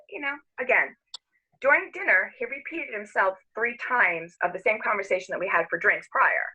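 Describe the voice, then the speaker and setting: A middle-aged woman telling a story casually among friends, animated, laughing and acting out the quotes. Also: a little high, brisk, breathy edge, rough recording.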